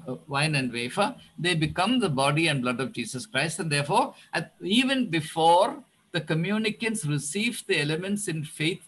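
An older man with an Indian English accent, giving a reflective spoken lecture on Christianity, often pausing with fillers and restarts. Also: high-pitched, fairly bright tone, slightly rough, poor audio.

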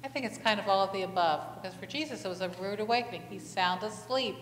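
Woman, pastor, conversational sermon, animated, long church reverb, faint room hum. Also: medium pitch, fast. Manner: asks the congregation many questions, animated storytelling. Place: church sanctuary. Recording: echoey church hall, faint ambience.

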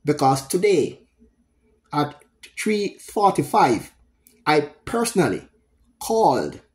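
A man's voice: a little high, darkish tone. Middle-aged Jamaican man, solo commentator, emphatic and repetitive. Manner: emphatic, repetitive, pausing often. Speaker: political commentator. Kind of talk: solo political commentary video.

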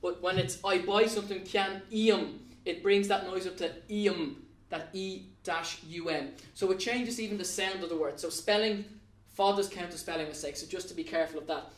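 High-voiced Irish man teaching in an echoey room. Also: fairly even intonation, brisk. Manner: spells words out letter by letter, coaxing and encouraging. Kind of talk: recorded grammar lesson. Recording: echoey room, mic at a distance.

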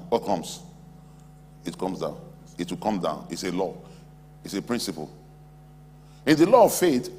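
Male pastor, animated sermon delivery, lively pitch, long hall reverb with faint hum. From West Africa. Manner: animated preaching, acts out imagined church members. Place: large auditorium.

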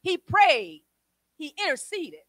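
High, lively woman a sermon. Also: slow, dry recording. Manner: testifying, swings from quiet to shouted praise. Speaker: preacher.

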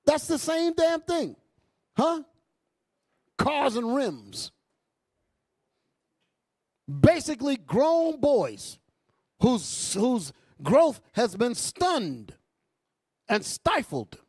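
A male bishop preaching a sermon with impassioned bursts and low asides, calling out to the congregation. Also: huge pitch swings, very slow, pauses often, a little mellow, slightly rough, no room sound. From New York. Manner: calls out to the congregation. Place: church hall.

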